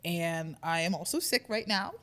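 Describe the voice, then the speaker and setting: A woman's voice: on the low side, normal speed, a bit bright. A young woman co-hosting a podcast, chatting casually with lots of fillers and laughter. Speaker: podcast co-host. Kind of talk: casual chat.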